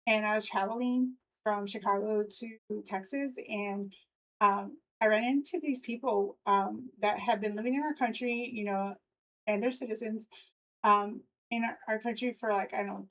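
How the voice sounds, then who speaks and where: A woman's voice: a little high, moderate pace, low-quality recording. A woman hosting a live news stream, talking loosely with many fillers and frequent laughter. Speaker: livestream host. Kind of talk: casual live commentary.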